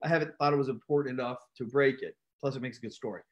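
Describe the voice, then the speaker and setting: A man hosting a casual live stream, telling a story with animated outbursts and acted-out shouts. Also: medium pitch, racing. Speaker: host.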